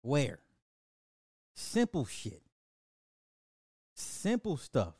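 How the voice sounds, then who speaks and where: A man's voice: medium pitch, wildly swooping pitch, extremely slow, dark tone, breathy edge, no echo. Profane ranting man, dry podcast. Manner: profane, mocking, scolding the listeners. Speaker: podcast host. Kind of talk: ranting social commentary.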